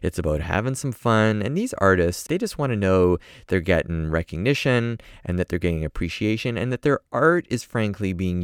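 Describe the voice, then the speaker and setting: A man's voice: sits low, clear, resonant tone, no echo, clean studio sound. A man hosting a podcast, chatting casually with jokes and loose profanity. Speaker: podcast host.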